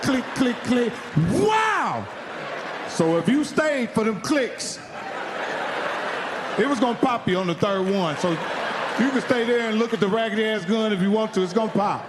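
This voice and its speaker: Stand-up comic, middle-aged man, high voice, profane and animated, acts out his quotes; live club recording with a long tail of reverb. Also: normal speed, over a noisy crowd, heavy background noise. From Indiana. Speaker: stand-up comedian. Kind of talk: stand-up storytelling. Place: comedy club stage.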